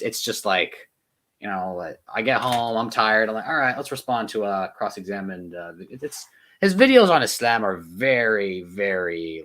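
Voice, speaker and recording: A man's voice: lowish voice, a bit bright. A young man from California hosting a casual online talk stream, joking and teasing his guests. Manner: joking, self-deprecating, restarts often. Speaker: stream host. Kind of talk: casual chat.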